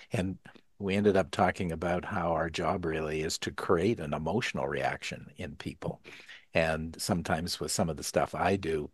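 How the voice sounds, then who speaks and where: A man's voice: low-pitched, husky, no echo, studio quality. A man hosting a podcast interview about pottery, asking thoughtful, reflective questions. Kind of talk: casual interview talk.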